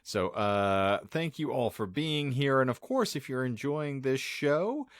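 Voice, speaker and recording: A man's voice: mid-range voice, lively intonation, a little slow, dry recording. A man co-hosting a casual podcast, rambling with jokey mock-formal asides. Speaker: podcast co-host.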